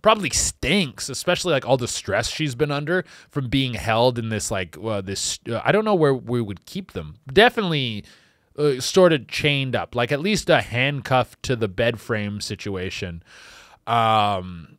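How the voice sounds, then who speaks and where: A man hosts a comedic monologue, riffing and rambling. His voice is bright and his pitch swings widely. The sound is dry and close. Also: moderate pace, no echo. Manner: rambling, animated, acts out voices. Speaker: comedian host.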